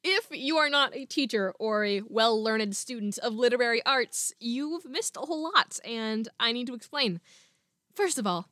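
A woman student hosting a podcast, talking chattily and reading a short piece aloud, excitable and playfully self-mocking. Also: fairly high pitch, dry recording, clean studio sound. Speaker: podcast host.

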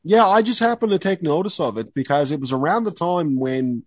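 Guy hosting a podcast, rambly and excited, lots of ums, dry close mic. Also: a little high, brisk, no room sound. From Canada. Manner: rambling, enthusiastic, with many fillers. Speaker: podcast host. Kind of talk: casual podcast chat.

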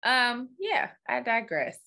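A woman's voice: on the high side, very animated, slow pace, creaky, sharp tone. A woman co-hosting a podcast, chatting casually and rambling with fillers and asides. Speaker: podcast co-host. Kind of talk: casual chat.

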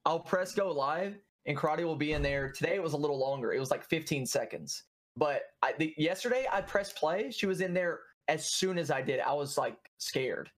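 A man's voice: fairly high pitch, lively intonation, moderate pace. A man, a streamer chatting casually, rambling with lots of fillers and laughing often. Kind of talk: casual chat.

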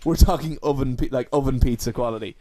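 Irish male host, rapid joking storyteller, casual banter. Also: mid-range voice, warm tone. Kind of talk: casual chat.

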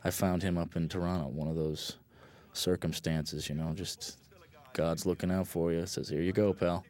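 A man's voice: deep voice, level tone, moderate pace, a little mellow. A man, a film director, giving loose, rambling commentary on his own film, full of fillers and blunt asides. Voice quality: rambling, lots of fillers, laid-back and blunt.

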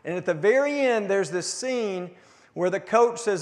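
A man pastor giving a conversational sermon with a recurring cough, restarting words and slowing down for emphasis. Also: sits high, animated. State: coughing now and then. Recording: long hall reverb.

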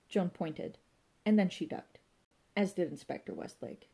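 A woman narrating an audiobook in a wry, deadpan storytelling manner. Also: fairly low pitch, unhurried, creaky, husky. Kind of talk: scripted narration.

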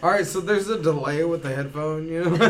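Casual male podcast co-host, slightly high voice, profane storyteller who laughs a lot. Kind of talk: casual chat.

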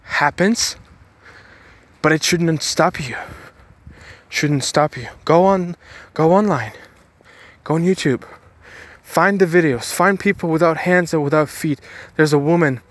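A man's voice: on the high side, unhurried, dry recording. A man giving an emphatic motivational monologue to his viewers, repeating phrases and often restarting his words. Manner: emphatic and repetitive, speaks straight to viewers. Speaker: motivational vlogger. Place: outdoors, about to board a bus.

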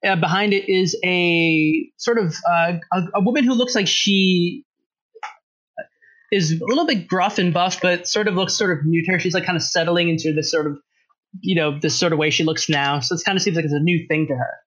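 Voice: mid-range voice, fairly quick, a bit bright, dull audio. A game master narrating a tabletop game in a rambling, laughing way with many fillers.

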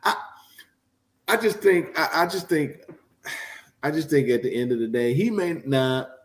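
A man's voice: a little high, lively intonation, measured pace. A man co-hosting a casual sports chat, emphatic and full of stammered restarts. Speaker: podcast co-host.

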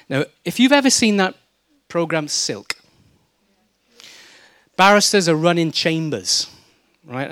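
A middle-aged man from South Wales, speaking with a Welsh accent in a fairly high voice, preaches a sermon with no echo on the recording. He tells lively stories full of humor and mimicry.

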